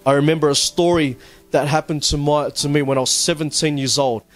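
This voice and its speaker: A man giving a personal church testimony. He speaks earnestly and haltingly, often repeating words as he goes. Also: on the high side, fairly even intonation. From Australia. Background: faint background music.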